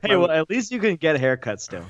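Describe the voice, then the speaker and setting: A man who is a guest on a podcast, chatting casually in a relaxed, teasing way. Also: on the high side, fast, dry recording. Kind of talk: casual chat. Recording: dry, dull lo-fi sound.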